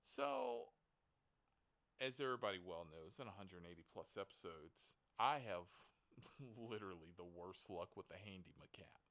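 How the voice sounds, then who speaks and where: A man with a gravelly, creaky voice tells a rambling story for his podcast. His pitch leaps up and down as he goes, and he swears casually and leans on fillers. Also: very animated, measured pace, fairly bright tone. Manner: rambling and profane, with lots of fillers. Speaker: podcast host.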